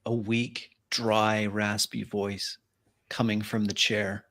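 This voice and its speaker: Male game master narrating a tabletop game, unhurried and halting, bright voice. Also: lowish voice, level tone. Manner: halting descriptive narration with fillers. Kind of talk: narrating a tabletop role-play.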